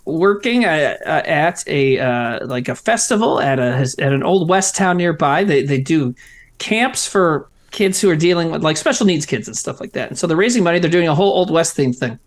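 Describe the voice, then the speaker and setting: Animated, profane man telling a story. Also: on the high side, moderate pace. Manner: animated storytelling with lots of swearing. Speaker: co-host of a live-streamed comedy show. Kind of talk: casual chat.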